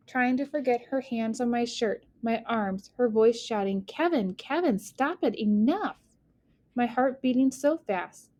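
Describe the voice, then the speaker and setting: A woman narrating a first-person audiobook in an expressive reading that speeds and slows with the story. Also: on the high side, no room sound. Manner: expressive, shifting pace with the story.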